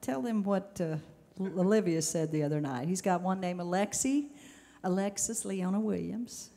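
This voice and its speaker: Older woman, stage host, folksy joke-teller, middle pitch, easy chatty delivery. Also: moderate pace, creaky, warm tone. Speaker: show host. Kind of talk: stage banter and joke telling. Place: live stage in a family theater.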